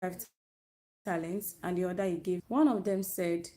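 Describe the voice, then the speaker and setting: A woman's voice: fairly low pitch, fairly even intonation, dark tone. Earnest woman giving a faith talk. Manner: earnest, unhurried, restarts phrases. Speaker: youth speaker. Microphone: live stream, own network.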